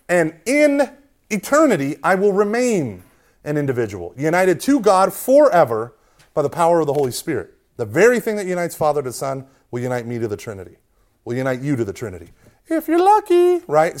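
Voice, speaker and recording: A man leads an informal Catholic Bible class in a fairly high voice that leaps up and down as he talks. He lectures with jokes and asides and keeps checking in with the room by asking "right?". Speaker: Catholic Bible study teacher. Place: hot meeting room with a live class.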